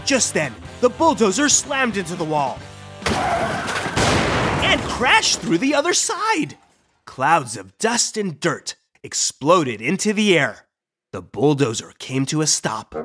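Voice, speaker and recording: Very animated woman reading a storybook aloud. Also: on the low side, slow, music in the background. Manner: animated, expressive read-aloud. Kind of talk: storybook narration.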